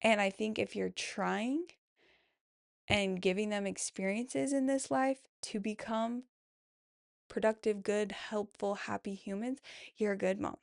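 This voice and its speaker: A woman talks casually into a close mic, reading follower answers about motherhood and cheering each one on. Her voice has a gravelly, creaky edge, and she takes her time. The sound is dry and close. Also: mid-range voice, a little slow, no room sound. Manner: warm-hearted, affirming, chatty with frequent "I love that". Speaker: mom podcaster reading follower replies. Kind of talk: casual solo chat.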